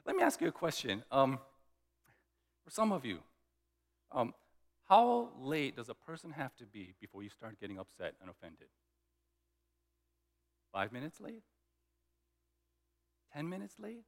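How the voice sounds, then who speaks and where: Animated preacher man in an echoing hall. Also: medium pitch, measured pace, long pauses. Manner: storytelling, animated, acts out both sides of conversations. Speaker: pastor. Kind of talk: sermon.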